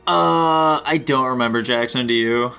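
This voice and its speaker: A man's voice: mid-range voice, a little slow, vocal fry, bright, forceful tone, smooth, faint music behind. A young man leading a casual podcast chat, asking questions in a teasing way and making crude jokes. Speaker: podcast co-host.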